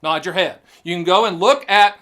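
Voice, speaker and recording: A man's voice: high voice, moderate pace. A man hosting his own show, explaining annuities straight to camera in a punchy, jokey sales style. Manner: animated, jokey, punchy catchphrases. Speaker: annuity agent and show host.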